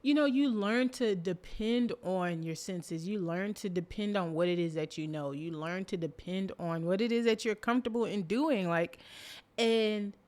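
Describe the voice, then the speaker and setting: A young woman hosting a podcast, telling a story from her own life in a loose, chatty way. She talks at a mid pitch, fills her sentences with "like" and "you know", and breaks into loud laughter. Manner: animated, laughs loudly, lots of "like" fillers. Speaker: podcast host. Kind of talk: casual storytelling.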